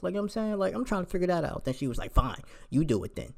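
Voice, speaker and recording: A man's voice: a little high, very animated, quick pace, creaky, few pauses. A young man in a heated, profane casual rant, firing off rhetorical questions.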